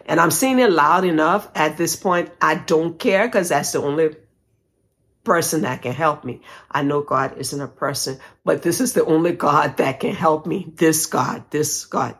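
A woman telling a personal story to an audience in a slow, deliberate way, acting out the dialogue and climbing higher in pitch as the tension builds. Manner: dramatic, acts out dialogue, rising pitch as tension grows.

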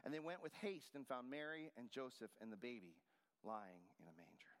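A man's voice: mid-range voice, big pitch swings, normal speed, a bit bright, long reverb tail. A man in his forties preaching a sermon, telling a personal story in a conversational style. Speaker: pastor.

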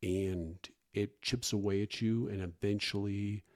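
A middle-aged man, a foster parent, talking candidly and earnestly as a podcast guest, often pausing and restarting. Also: fairly low pitch, steady tone, a little mellow. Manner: earnest, halting, frequent restarts and fillers.

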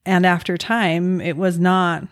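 A middle-aged woman hosting a podcast and talking with her son in a warm, encouraging way. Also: fairly low pitch, flat delivery, measured pace, no room sound, studio quality. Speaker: podcast host, mother. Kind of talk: casual chat.

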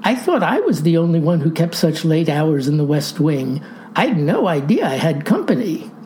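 Satirical play: woman voicing an eager, humble president with a lively delivery. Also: deep voice, normal speed, slight background noise.

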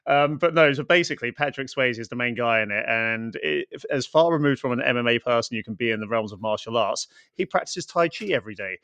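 A man's voice: medium pitch, lively intonation, quick pace, few pauses, fairly bright tone, clean tone, dry recording. A man co-hosting a podcast in casual chat, laid-back, laughing and swearing freely as he talks about films. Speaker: podcast co-host. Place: home room.

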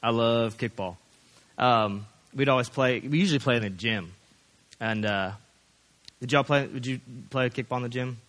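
Man, pastor, sermon, folksy and rambling, mid-pitched, bright tone. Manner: folksy, rambling, many fillers and restarts. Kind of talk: sermon with casual storytelling.

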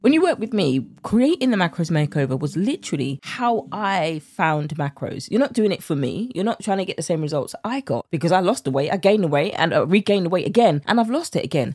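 Upbeat British woman with lively pitch. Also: slightly rough, dry recording. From United Kingdom. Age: 30s. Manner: chatty, upbeat, slangy, laughs often. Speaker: podcast host and weight-loss coach. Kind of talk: scripted podcast intro and casual monologue.

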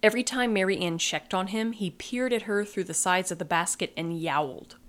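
A woman podcast host reading a children's book aloud, lively and acting out the characters. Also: medium pitch, brisk.

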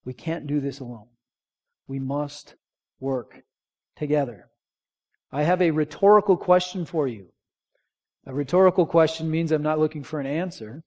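Male pastor, slightly high voice; conversational sermon with call-and-response. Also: darkish tone. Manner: conversational preaching with rhetorical questions and call-and-response.

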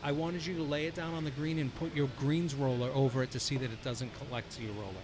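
A man hosting a casual podcast, telling animated stories and swearing freely. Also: medium pitch, fast talker, a crowd in the background. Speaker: podcast host, golf course superintendent. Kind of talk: casual chat. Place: brewery.

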